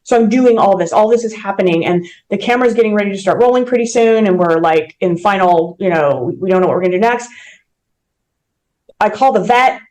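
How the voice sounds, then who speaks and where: A woman telling a personal story in an interview. She talks earnestly, with emotion and vivid detail. Her voice sits in a middle pitch. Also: fairly quick, darkish tone, poor audio. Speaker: mortgage company president, podcast guest.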